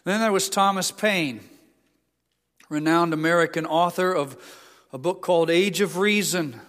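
A man's voice: a little slow, a bit bright. Impassioned male preacher in a big hall. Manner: impassioned, rising to emphatic peaks then dropping low. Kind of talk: sermon. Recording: long reverb of a large hall.

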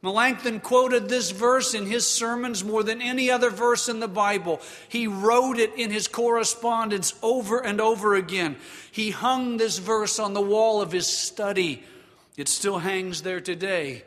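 A male pastor preaching in a slow, deliberate, emphatic way, with a high, bright voice. His words ring out with the long reverb of a large hall, and he has the congregation repeat lines after him. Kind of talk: sermon.

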